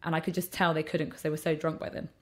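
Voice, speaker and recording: A woman comedian, chatting casually in an interview and acting out the people in her stories. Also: sits low. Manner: animated storyteller, quick to act out quotes. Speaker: stand-up comedian and character act.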